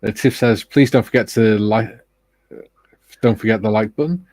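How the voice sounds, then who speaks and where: A man with a lowish voice hosts a live panel, reading out the chat and greeting viewers one by one with a jokey chuckle. The sound is close and dry. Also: normal speed, a little mellow, dry recording. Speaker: host. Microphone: video call.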